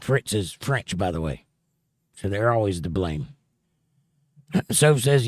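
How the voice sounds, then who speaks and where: A man's voice: lowish voice, sing-song, slow, darkish tone, no room sound, clean studio sound. A middle-aged man hosting a live stream, chatting casually with his viewers in a sarcastic, joking, folksy way.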